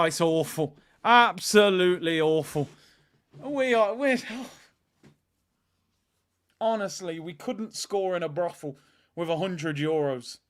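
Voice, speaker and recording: High-voiced guy ranting through a live football watch-along, fed up, muttering then shouting. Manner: exasperated, ranting, swings between mutters and shouts.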